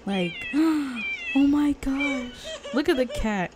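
A woman giving casual, profane commentary on her life-sim game, gasping and reacting loudly. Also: high voice, wildly swooping pitch, takes it slowly, background noise. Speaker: let's play gamer.

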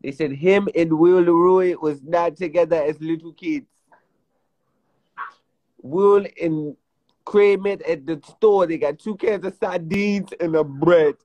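A man from the Washington DC area talks off the cuff on a livestream. His voice sits a bit high and he jokes, swears and laughs through his rant. The sound is dull and lo-fi. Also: slow pace. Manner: joking, profane, laughs often.

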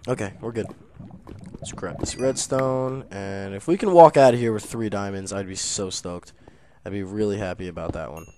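A young man commentating his own game as a gaming channel host, nervous and excitable, muttering quietly, then bursting into loud exclamations. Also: on the low side, moderate pace, a little hiss or hum. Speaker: gaming YouTuber. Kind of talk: let's play commentary.

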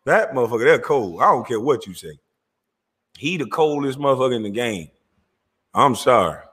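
A man with a Southern US accent hosting his own show in a loud, animated, profane rant, often laughing as he talks. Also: medium pitch, moderate pace, slightly rough, big-room sound. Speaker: show host.

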